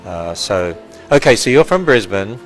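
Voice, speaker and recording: In a rough recording with faint music behind, a lowish-voiced man in his sixties speaks very animatedly at normal speed. He's an Australian ministry president giving a casual tour indoors and out, joking and laughing often with visitors.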